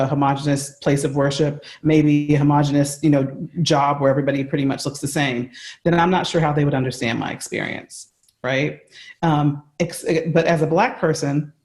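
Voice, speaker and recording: A woman's voice: sits low, darkish tone, roomy sound. An American woman, a leadership coach, giving earnest, emphatic answers with examples on a video call. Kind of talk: conversational interview answer.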